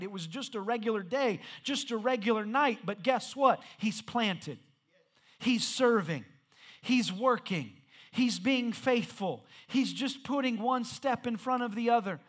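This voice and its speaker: A male pastor preaching a sermon in rhythmic, repeated phrases that build to shouted peaks. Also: sits high.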